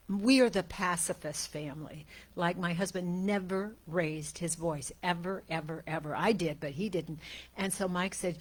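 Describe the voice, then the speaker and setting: Older female minister, lowish voice, conversational sermon and measured prayer reading. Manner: chatty storytelling, then slow deliberate reading. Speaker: guest minister.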